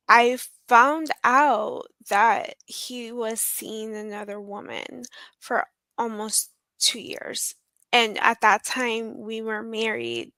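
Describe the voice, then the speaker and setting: A woman guest in an interview, telling a personal story in a halting, emotional way with many pauses. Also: on the high side, vocal fry, sharp tone, dry recording.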